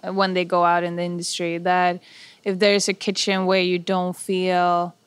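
A woman's voice: on the low side, monotone, unhurried, clean tone, dry recording. A woman chef as an interview guest, giving sincere advice in a hesitant way, restarting her sentences often. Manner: hesitant, with frequent restarts and filler "uh". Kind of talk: casual conversational interview.

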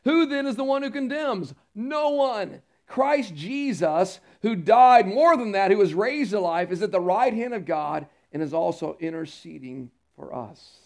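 A man preaching a sermon to his congregation, emphatic, moving between loud declarations and quiet, intimate asides. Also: high voice, expressive, unhurried, hardly any pauses. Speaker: pastor. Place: church sanctuary.

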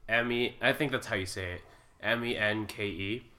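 A man's voice: on the low side, fairly even intonation, normal speed, sharp tone. A young man co-hosting a podcast, rambling in casual chat with lots of fillers and laughs. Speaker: podcast co-host.

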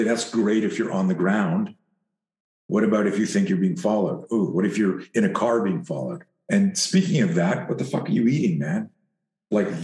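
Low-voiced coach telling a story. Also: male voice, reverberant. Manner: animated, profane, acts out quoted dialogue. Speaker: fight coach and self-defense instructor. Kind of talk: anecdotal storytelling in an interview.

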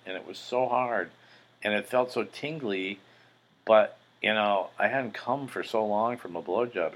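Man, very low voice, middle-aged, casual podcast storytelling, rambling and profane. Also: fairly bright tone, low-quality recording. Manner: rambling, profane, many fillers. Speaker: podcast host.

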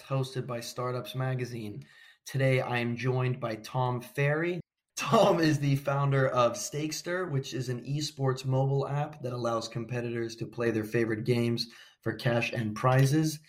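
A man hosting a podcast, asking his guest questions in an easygoing, conversational way. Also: mid-range voice. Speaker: podcast host. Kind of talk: casual interview.

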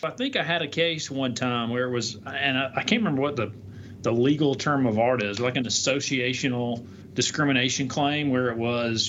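A man's voice: mid-range voice, brisk. Chatty male lawyer on a podcast. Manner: animated, chatty, hedges with frequent fillers. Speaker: defense lawyer, podcast co-host. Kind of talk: conversational legal podcast discussion. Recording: dull lo-fi audio with faint noise.

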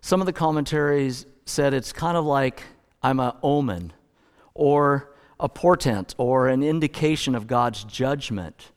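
Conversational preacher in a reverberant hall. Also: male voice, mid-range voice, unhurried, clean tone. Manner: conversational, storytelling preacher with self-corrections. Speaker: pastor. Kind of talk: sermon.

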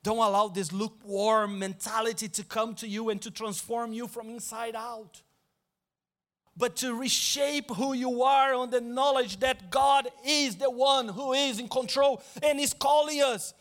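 High-voiced man preaching. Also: a little slow. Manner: animated, swings from loud to hushed, repeats phrases. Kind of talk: sermon.

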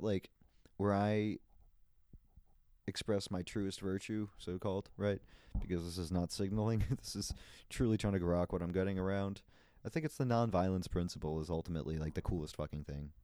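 A man's voice: fairly low pitch, dark tone, no room sound, clean studio sound. A man hosting a solo podcast, rambling in a playful, meandering way with frequent laughs and restarts. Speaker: podcast host.

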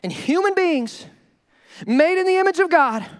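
A middle-aged male pastor preaching a sermon, acting out quoted voices in an animated way. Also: extremely high pitch, moderate pace.

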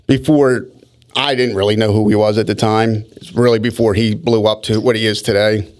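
A man's voice: fairly low pitch, moderate pace. A man telling rambling stories in casual podcast chat, often restarting his sentences. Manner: rambling, animated storyteller with frequent restarts.

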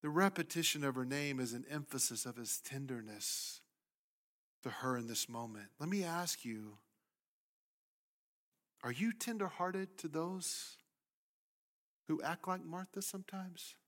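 A male pastor preaching a sermon, swinging from loud emphasis down to hushed, near-whispered lines. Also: on the high side, unhurried, long pauses.

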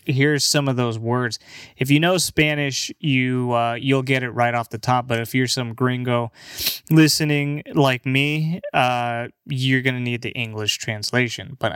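Young guy rambling thru a word list, lots of stammers, slow and smooth. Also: mid-range voice, fairly even intonation, fairly bright tone, no echo, studio quality. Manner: halting, stammering, swears and laughs often. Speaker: language video maker. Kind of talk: casual rambling vocabulary list.

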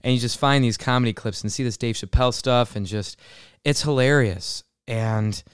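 A man's voice: mid-range voice, moderate pace, clear, resonant tone, no room sound, studio quality. A man hosting a show, rambling in casual commentary with many fillers. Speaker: podcast host.

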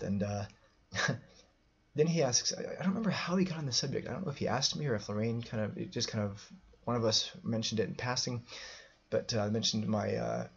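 A man's voice: on the low side, creaky, slightly rough, muffled recording. A man telling a personal story as a podcast host, rambling with many restarts and fillers.

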